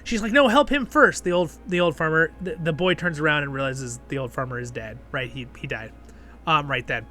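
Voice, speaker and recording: A man's voice: mid-range voice, steady tone, brisk, sharp tone, faint music behind. A man hosting a casual spoken review, chatty and rambling, full of fillers and frequent "right?" checks. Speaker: host and show reviewer.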